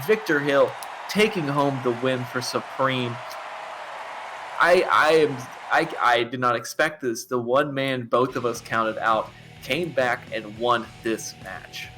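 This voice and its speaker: A man doing live wrestling commentary, excitable and often laughing at the action. His voice sits at a middling pitch, and music plays clearly behind him. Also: measured pace. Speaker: play-by-play commentator.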